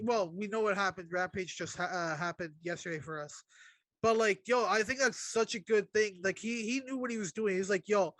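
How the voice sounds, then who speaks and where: A man's voice: sits high, fairly bright tone, no room sound. A young man co-hosting a casual wrestling podcast, talking loosely with hesitations and the odd curse. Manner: casual, hesitant with fillers, swears. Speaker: podcast co-host.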